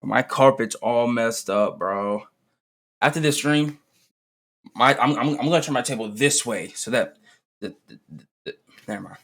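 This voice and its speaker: A man's voice: mid-range voice, lively intonation, moderate pace, gravelly, pauses often, a bit bright. Casual young man streaming, slangy. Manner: talks to himself, calls out "bro", moves off mic. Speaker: streamer reacting to a story video. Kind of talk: casual live-stream chatter.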